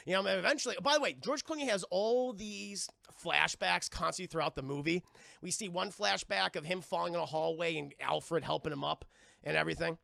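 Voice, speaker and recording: A man reviewing a film live, talking casually and sarcastically to his chat and swearing freely. His voice is high and bright, with a gravelly fry running through it. The sound is dry and close. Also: brisk, dry recording. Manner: animated, profane and sarcastic.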